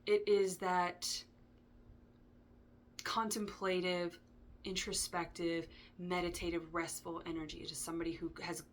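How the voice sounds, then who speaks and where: A woman with a lowish voice talks through a tarot spread in a loose, chatty way. She wanders off into asides and fills gaps with ums. Faint background noise sits under her voice. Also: flat delivery, a little slow. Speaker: tarot reader. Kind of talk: casual tarot reading.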